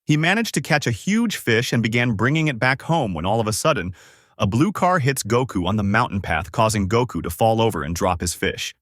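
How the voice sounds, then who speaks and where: A man narrating a fan-made anime what-if story in an animated storytelling manner. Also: lowish voice, a little fast, dry recording, clean studio sound.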